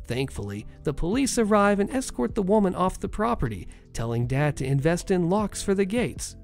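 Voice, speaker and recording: A narrator reading online stories aloud in an expressive, animated way. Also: mid-range voice, moderate pace, creaky, hardly any pauses, faint music behind.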